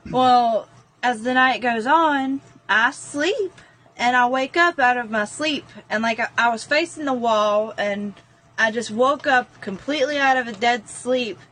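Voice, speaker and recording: A woman's voice: fairly high pitch, unhurried, a bit bright. A woman, a guest earnestly recounting a personal story, rambling with frequent fillers. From North Carolina, US.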